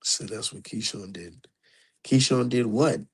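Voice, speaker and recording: Male streamer, low gravelly voice, husky edge, loose profane live commentary. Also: a little slow, rough recording. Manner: profane, animated, talks to chat.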